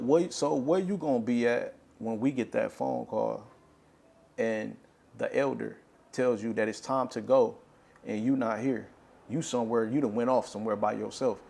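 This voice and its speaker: A man's voice: mid-range voice, vocal fry, darkish tone. A man giving an impassioned religious monologue, talking urgently and repeating himself as he grows frustrated. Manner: frustrated, urgent preaching with repetitions. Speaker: religious speaker.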